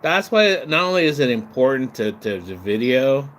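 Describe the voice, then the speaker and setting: A man's voice: medium pitch, big pitch swings, normal speed, fairly bright tone, slight background noise. A man hosting a livestream, giving exasperated reaction commentary and swearing in disbelief. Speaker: livestream host.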